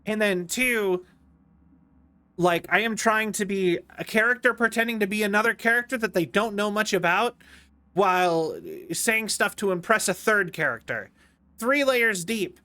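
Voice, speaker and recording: A man's voice: sits high, normal speed, pushed and bright. A young man streaming a game, chatting casually in a rambling, playful way that keeps stopping and restarting. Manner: rambling, self-interrupting, playful. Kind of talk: casual gameplay commentary.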